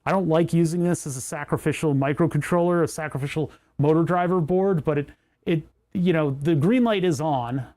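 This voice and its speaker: Dude rambling on his stream while fixing stuff, kinda high voice, keeps roasting himself. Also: a little fast, warm tone. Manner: rambling, self-mocking, thinking aloud. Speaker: livestream host. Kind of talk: casual livestream chat while repairing electronics.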